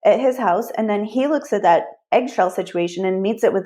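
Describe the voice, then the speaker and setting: A woman's voice: mid-range voice, fairly quick, dark tone. Earnest woman coach explaining money habits. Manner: earnest explaining, many "like" fillers. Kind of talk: podcast guest interview.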